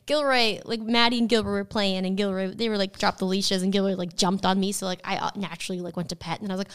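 A woman's voice: medium pitch, steady tone, quick pace, hardly any pauses, smooth. A woman chatting casually as a podcast co-host, full of fillers and acting out quoted lines. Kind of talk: casual chat.

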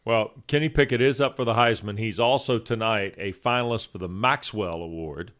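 A man co-hosting sports radio, reading off award facts in a brisk way with dry humor. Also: on the low side, fairly bright tone. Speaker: radio co-host.

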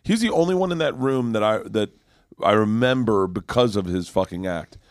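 A middle-aged man, a comedian guest, telling a story in casual, profane, animated chat. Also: fairly low pitch, normal speed, dry recording, studio quality. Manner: profane, animated, acts out quotes.

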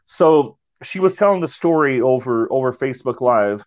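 A man's voice: medium pitch, lively intonation, normal speed, darkish tone, muffled recording. Rambling man recounting a ghost story. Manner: rambling, repeats and restarts words. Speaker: paranormal investigator. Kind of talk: casual storytelling.

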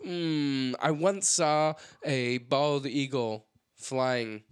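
A man co-hosting a comedy podcast, doing deadpan mock sports commentary. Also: mid-range voice, drawn-out words, clean tone, no room sound, studio quality. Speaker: co-host playing sportscaster.

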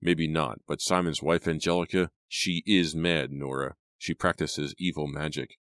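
A man voicing a stern, angry middle-aged father who speaks slowly through clenched teeth. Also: a bass voice, fairly even intonation, a bit bright, no echo. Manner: slow, clenched, menacing.

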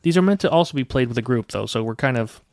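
A man's voice: medium pitch, lively intonation, fast, darkish tone, no echo, clean studio sound. A man co-hosting a casual comedy podcast. He talks in a laid-back way and laughs often. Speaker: podcast co-host.

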